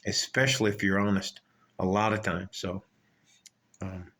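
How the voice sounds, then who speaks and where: A man's voice: low voice, little pitch movement, normal speed, a bit bright. An older man telling a rambling, profane story in a casual rant, often trailing off and circling back. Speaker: vlogger.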